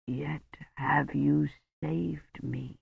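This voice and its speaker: Narrator doing a dying old priest, faint slurred murmur, very slow, gravelly, dull dry sound. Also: male voice, a little high, steady tone, dry recording, heavily acted. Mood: whispered. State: weak and dying. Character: dying old male priest, gentle and devout. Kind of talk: audiobook reading.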